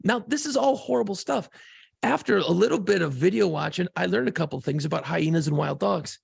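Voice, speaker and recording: A man co-hosting a podcast, telling a profane, excitable story in casual chat. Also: high-pitched, fairly quick, dry recording, clean studio sound. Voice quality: gravelly, husky voice. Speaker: podcast co-host.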